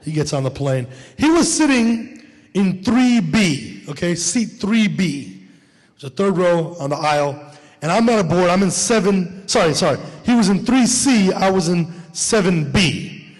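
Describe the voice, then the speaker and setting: A man performing stand-up comedy, telling a story in an animated way and acting out the dialogue. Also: sits high, measured pace, in a large hall.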